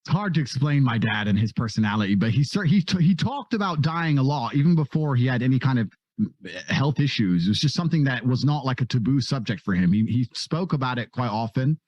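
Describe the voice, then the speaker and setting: A man talking reflectively as a podcast guest, halting and restarting, swearing casually now and then. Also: medium pitch, expressive, darkish tone, dry recording, muffled recording.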